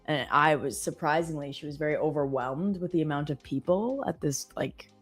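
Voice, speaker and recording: Soft music plays under a woman's low-pitched, slightly rough voice, which moves at a moderate pace. She's a Canadian in her thirties who co-hosts a live trading stream, casually telling stories laced with fillers.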